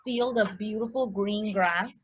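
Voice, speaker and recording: A woman telling a personal story as a guest in a casual chat, animated, full of likes and restarts. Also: medium pitch, unhurried, dull audio, background noise.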